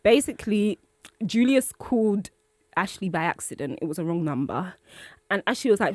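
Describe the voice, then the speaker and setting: Animated woman co-hosting a chat. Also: medium pitch, normal speed, dry recording, clean studio sound. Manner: animated, laughing storyteller. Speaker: podcast co-host. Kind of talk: casual chat.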